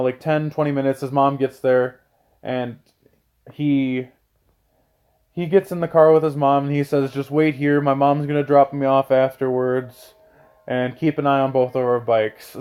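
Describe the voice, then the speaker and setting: A man's voice: a little high, darkish tone, smooth. A young man telling a childhood story in a casual, rambling way, repeating himself and swearing often. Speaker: gaming channel host telling a story.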